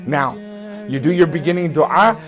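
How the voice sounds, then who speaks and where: A man teaching step by step how to pray a prayer at home, calling out the takbirs loud and drawn out. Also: on the high side, moderate pace. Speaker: religious teacher. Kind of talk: instructional talk.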